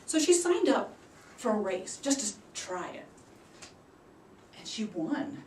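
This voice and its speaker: A woman giving a prepared storytelling speech at a public speaking club. She acts out the quoted voices with big leaps in pitch and loudness. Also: sing-song, slow, a little hiss or hum. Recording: roomy sound from a distant mic.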